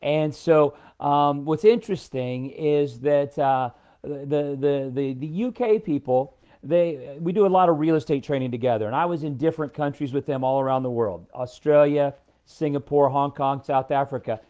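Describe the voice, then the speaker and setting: A man's voice: on the high side, normal speed, warm tone. An American man hosting a casual live stream, chatting in a rambling way and greeting viewers by name.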